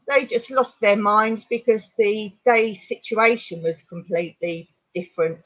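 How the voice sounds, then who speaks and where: A woman's voice: mid-range voice, lo-fi sound. English woman telling a story. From England. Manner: rambling, animated retelling with laughs. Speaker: vlogger on a livestream. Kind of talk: storytelling on a livestream.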